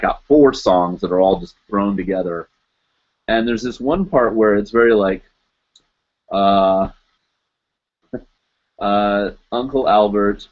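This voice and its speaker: A man in his thirties chats casually on a live show, wandering through thoughts and hunting for words between fillers. His voice sits on the low side. The audio is dull and lo-fi, like a muffled stream. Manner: rambling, searching for words, many fillers. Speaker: podcast host.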